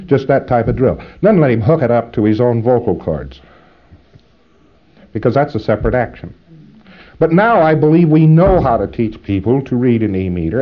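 A man's voice: on the low side, lively intonation, a little fast, highs cut off. A man giving an instructional lecture, rambling and emphatic, acting out drills as he explains.

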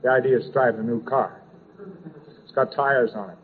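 A man's voice: mid-range voice, normal speed, a little hiss or hum. A man giving an informal lecture, rambling and repetitive, dropping in sound effects and asides. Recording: tinny old lecture tape.

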